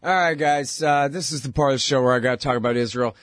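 A man's voice: medium pitch, quick pace, fairly bright tone, no echo. Guy hosting a radio show, blunt and fired up, lots of uh's, mid voice, dead dry mic. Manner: blunt, heated, conversational with many fillers. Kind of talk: opinionated political commentary.

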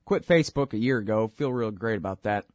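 A man's voice: lowish voice, expressive, brisk, no echo. A man hosting his own radio show, rambling informally and wryly between plugs. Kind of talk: casual monologue with plugs.

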